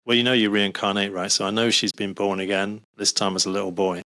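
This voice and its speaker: A man speaking as a podcast guest, talking earnestly in casual conversation and often trailing off softly. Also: on the low side, flat delivery, quick pace, no room sound. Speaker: doctor.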